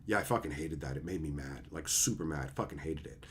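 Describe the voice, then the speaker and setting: A man's voice: very deep voice, fairly quick, husky. A man streamer delivering a heated, profane, sarcastic rant, mocking his opponents in put-on voices. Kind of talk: ranting commentary.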